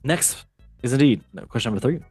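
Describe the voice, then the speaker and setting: A man's voice: mid-range voice, animated, fast talker, darkish tone, soft background music. A man hosting a casual football quiz podcast, playful and rambling with jokey asides. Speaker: quiz show host.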